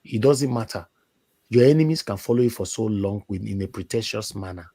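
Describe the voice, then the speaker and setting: Nigerian male streamer, very low raspy voice, dry close sound, emphatic and repetitive. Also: a little fast, mellow, no echo. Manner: emphatic, repeats words, mixes in Pidgin. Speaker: live stream host and panelist. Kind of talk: heated livestream monologue.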